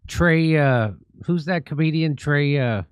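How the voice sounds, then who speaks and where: A man's voice: fairly high pitch, a little slow, clean tone, no room sound. Giggly male talk show host. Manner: laughs often, stumbles over words. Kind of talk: comedy talk show banter.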